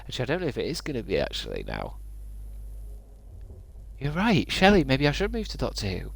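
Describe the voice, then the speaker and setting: A man's voice: mid-range voice, wildly swooping pitch, a little fast, gravelly. A young man chatting casually on a gaming livestream, sweary and incredulous. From Britain. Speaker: streamer.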